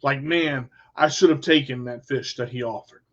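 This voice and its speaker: A man telling a casual, animated story in folksy phrasing, acting out what people said. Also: mid-range voice, fairly quick. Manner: animated storyteller, acts out quotes. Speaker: vlogger. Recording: dull lo-fi sound.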